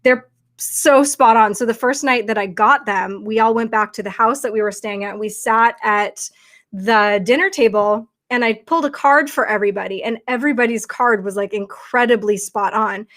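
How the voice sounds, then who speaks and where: A woman's voice: fairly high pitch, moderate pace, fairly bright tone. A woman hosting a casual livestream, talking chattily and rambling with lots of fillers into her computer mic. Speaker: livestream host.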